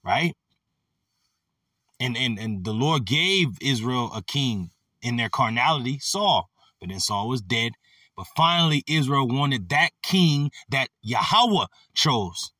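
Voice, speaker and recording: A man preaching a casual, animated sermon, reading Bible verses and adding slangy asides. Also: mid-range voice, slow, dry recording, clean studio sound, far from the mic. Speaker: preacher teaching scripture.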